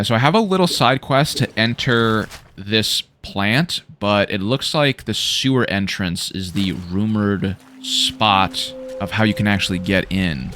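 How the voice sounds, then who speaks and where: A man casually commenting while he plays a game, excitable and quick to swear and react. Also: on the low side, background noise. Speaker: gaming YouTuber. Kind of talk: casual let's-play commentary.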